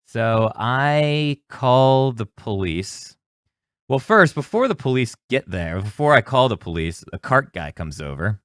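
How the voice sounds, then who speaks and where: A man's voice: medium pitch, lively intonation, unhurried, a bit bright, dry recording, clean studio sound. A young man hosting an advice podcast, telling a rambling, jokey story with some cursing. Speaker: podcast host. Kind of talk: casual solo storytelling.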